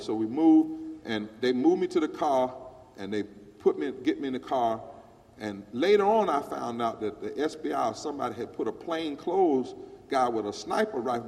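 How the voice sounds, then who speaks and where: Animated preacher in a hall. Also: male voice, medium pitch, normal speed. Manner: animated, emphatic preaching cadence. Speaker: pastor. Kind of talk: storytelling speech on stage. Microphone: handheld mic.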